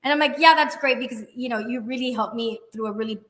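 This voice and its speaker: A woman guest, an insurance agent, tells her story in an interview in an animated way, acting out the dialogue and laughing often. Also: fairly high pitch, fast talker.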